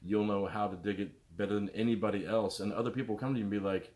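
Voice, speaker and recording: A man's voice: on the low side, quick pace. A middle-aged man, a musician, rambling casually to viewers on his live stream, greeting them by name and jumping between topics. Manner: animated, jumps between topics.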